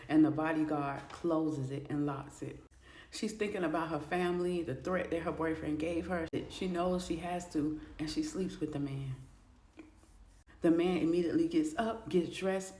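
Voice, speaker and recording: A woman's voice: sits low, dark tone. A woman narrating a storytime video in a casual, conversational way. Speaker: storyteller and booktuber. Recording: echoey room.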